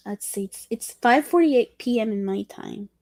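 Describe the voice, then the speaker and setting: A woman whose first language is Spanish rambles through a casual livestream chat, asking curious questions and apologizing often. Her voice sits fairly high. The recording is dry and close. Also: warm tone, no room sound.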